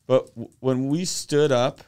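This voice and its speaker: A man's voice: medium pitch, unhurried, a little mellow, clean tone. A man co-hosting a comedy podcast, chatting casually and rambling through anecdotes with acted-out voices. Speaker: podcast co-host.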